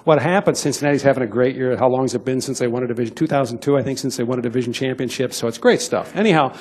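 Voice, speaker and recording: Fast-talking husky middle-aged sales trainer. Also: male voice, medium pitch, a little mellow. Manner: punchy, direct, coaxing, acts out sales dialogues. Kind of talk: motivational sales talk to an audience.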